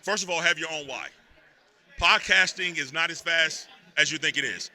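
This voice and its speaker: A man from Texas, a podcast guest telling stories in a lively, emphatic way at a live event. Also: a little high, normal speed. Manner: animated storytelling, emphatic repetitions. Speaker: podcast network host, guest. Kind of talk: casual interview talk.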